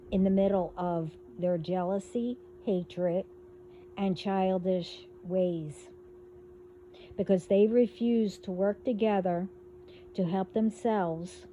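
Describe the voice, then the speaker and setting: A woman hosting a casual spiritual monologue, talking in a rambling, halting way as she delivers warnings. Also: medium pitch, dark tone, slight background noise. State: hiccups. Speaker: spiritual video host.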